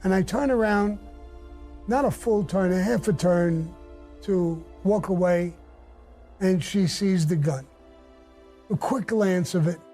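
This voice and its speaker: A man's voice: high-pitched, takes it slowly, pauses often, mellow. An older man bluntly recounting his past in a casual, profane storytelling way, with faint music behind.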